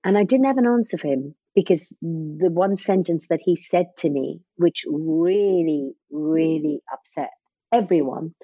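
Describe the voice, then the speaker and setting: A woman's voice: sits low, measured pace, mellow, slightly rough, dry recording. A woman in her forties, a parent speaking as an interview guest, telling personal stories candidly and retelling scenes by quoting what others said. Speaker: guest, parent of a child with type 1 diabetes. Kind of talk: emotional personal storytelling. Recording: dull lo-fi recording.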